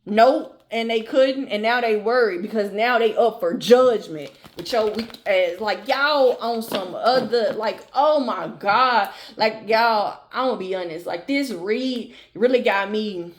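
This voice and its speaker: A woman's voice: on the high side, unhurried, few pauses. A woman giving a tarot reading to her viewers, blunt and emphatic, swearing freely and repeating phrases for emphasis. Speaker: tarot reader. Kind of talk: channel tarot reading, casual and direct to viewers.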